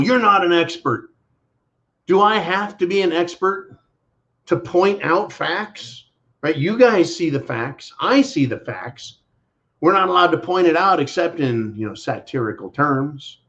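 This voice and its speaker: An American man hosts his channel, delivering sarcastic political commentary and calling his listeners folks. His voice sits a little high. The audio is slightly dull and lo-fi. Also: animated, unhurried, fairly bright tone. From United States. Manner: mocking, repeating sarcastic catchphrases, calls listeners folks. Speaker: channel host.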